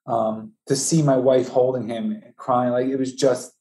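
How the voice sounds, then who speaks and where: A man telling the story of losing his newborn twins, speaking haltingly with many restarts, his voice climbing high and strained with grief. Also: flat delivery, mellow, reverberant, a little hiss or hum. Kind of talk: emotional personal testimony.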